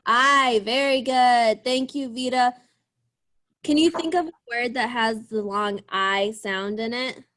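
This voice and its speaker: A young woman leads an early reading lesson over a video call, her voice pitched a little high. She speaks slowly and stretches out each sound, praising the children as she goes. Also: a bit bright. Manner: slow, encouraging, drawn-out sounds. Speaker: teacher. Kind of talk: online class lesson.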